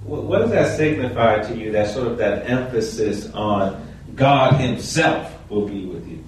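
A man's voice: medium pitch, lively intonation, a little slow, a little hiss or hum. A man leading a Bible study, talking conversationally and asking the group questions. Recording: echoey room, mic far off.

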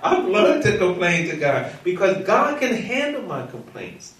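A man leading a Bible study, reading scripture slowly and solemnly, then teaching the group conversationally with questions. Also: high-pitched, big pitch swings, a bit bright. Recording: echoey room, mic far off.

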